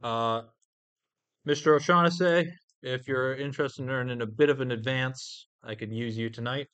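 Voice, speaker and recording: A man speaking in character in a tabletop game, halting with many fillers. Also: mid-range voice, steady tone, a bit bright, clear, resonant tone. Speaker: tabletop player. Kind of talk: in-character role-play.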